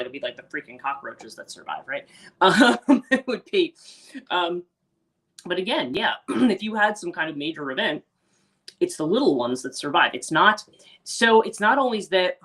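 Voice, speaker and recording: A woman's voice: low voice, a bit bright. Rambling woman hosting a livestream. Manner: rambling, many restarts and fillers, reads out viewer comments. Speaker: life coach and livestream host. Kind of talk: casual livestream talk on tarot.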